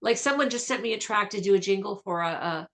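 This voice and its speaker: A woman vocalist talking as a guest in a radio interview, chatty and enthusiastic with quick asides. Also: medium pitch, a bit bright.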